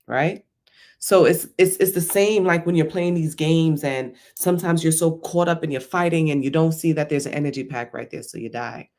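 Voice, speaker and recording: A man's voice: fairly high pitch, moderate pace, creaky. Chatty man giving a motivational talk. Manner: conversational, rambling, often asks "right?". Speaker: vlogger.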